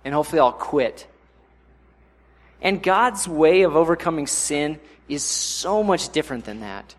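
A young man preaches in a relaxed, conversational way, his voice pitched a bit higher than most men's. He often breaks into short, louder acted-out voices before settling back into an easy, talky delivery. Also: a little slow. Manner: conversational, acts out inner voices with sudden louder bursts. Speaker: pastor. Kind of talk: sermon.

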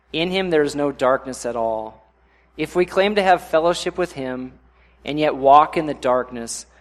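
A young adult man preaching a sermon in a conversational way, often acting out inner voices in sudden louder bursts. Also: medium pitch. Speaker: pastor.

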